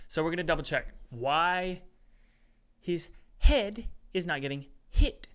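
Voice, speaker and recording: A man casually talking through his game development work at his computer, chatty and thinking out loud with exasperated asides. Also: fairly high pitch, lively intonation, unhurried. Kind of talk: casual devlog commentary while working.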